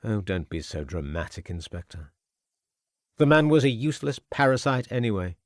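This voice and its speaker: Male reader doing the audiobook villain: deep, sneering, menacing gentleman, dry studio sound. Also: big pitch swings, normal speed, no echo. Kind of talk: audiobook character voice.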